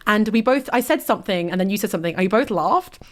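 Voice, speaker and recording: Young woman, fast, heated, swearing, casual chat. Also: mid-range voice, lively intonation. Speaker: host.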